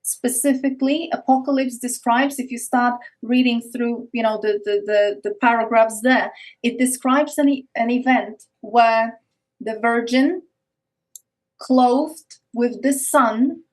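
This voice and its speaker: A woman with an Eastern European accent speaks as an interview guest, her voice sitting somewhat high. She explains with intensity and often restarts and repeats words. On important phrases she slows right down. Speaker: podcast guest. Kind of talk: earnest conversational explaining.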